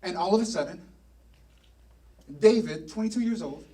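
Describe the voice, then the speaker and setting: A male pastor preaching a sermon in a church, telling a story with animated energy and playful asides. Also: high voice, moderate pace, recorded from a distance. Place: church sanctuary.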